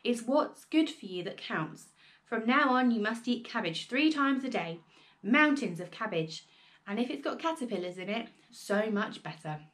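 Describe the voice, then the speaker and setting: A woman's voice: on the high side, lively intonation, normal speed, fairly bright tone. A woman doing a nasty old grandmother. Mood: bossy. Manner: snappish, scolding, relishing disgust.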